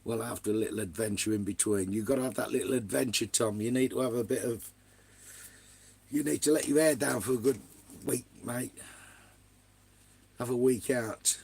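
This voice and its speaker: A man's voice: medium pitch, brisk, gravelly, a little mellow, breathy edge. An Englishman, casually chatting live from his camper van with viewers, full of banter and swearing, calling everyone mate and son. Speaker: vanlife live streamer.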